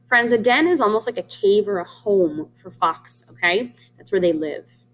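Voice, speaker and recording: A woman reads a children's storybook aloud, pausing to explain words and ask the children what they think. Her voice moves up and down in a very lively, expressive way. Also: mid-range voice. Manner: warm, explains words to children, asks them questions. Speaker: teacher reading aloud. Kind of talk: children's read-aloud lesson.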